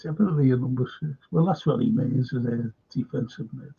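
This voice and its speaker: Hosting a live fan channel show, a man speaks slowly in a mellow, gravelly, husky voice pitched a little high. He addresses viewers by name, hammering his points home through repetition and an occasional curse. The audio is dull and lo-fi.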